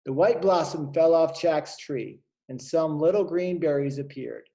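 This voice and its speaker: A man, a kindergarten teacher, reading a picture book aloud to young children and pausing to point out the pictures. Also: fairly high pitch, vocal fry, warm tone.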